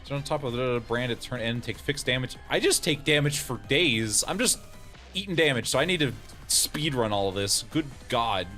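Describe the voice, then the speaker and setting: A man's voice: medium pitch, expressive, moderate pace, bright, forceful tone, soft background music. A man streaming a game in casual let's-play commentary, joking, laughing often and reading game lines aloud.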